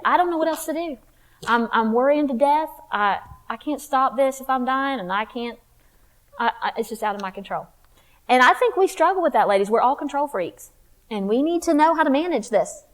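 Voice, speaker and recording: A woman speaking at a women's church conference, sharing a personal testimony in a conversational, confiding way with emphatic rises. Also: a little high.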